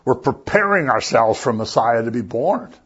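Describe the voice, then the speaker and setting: A man's voice: medium pitch, expressive, moderate pace, husky, muffled recording. A man giving a casual, conversational sermon and often checking in with his listeners. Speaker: preacher.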